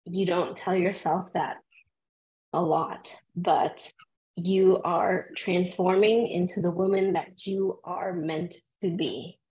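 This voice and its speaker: Slow, halting woman reading affirmations. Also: fairly low pitch, fairly even intonation, darkish tone, rough recording. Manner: emotional, halting, with pauses and fillers. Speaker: cast member.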